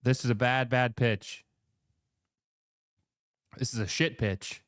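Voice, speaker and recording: A man hosting a live football watch-along, calling the play with quick excited bursts and chatting with his viewers between moments. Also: mid-range voice, no echo, clean studio sound. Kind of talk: live match commentary and chat reading.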